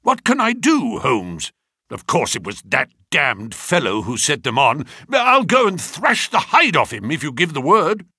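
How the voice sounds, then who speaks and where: A man's voice: a little high, huge pitch swings, measured pace, bright, forceful tone, breathy edge, dry recording, clean studio sound, full character voice. A man voicing an indignant, eager loyal friend. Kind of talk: audiobook character reading.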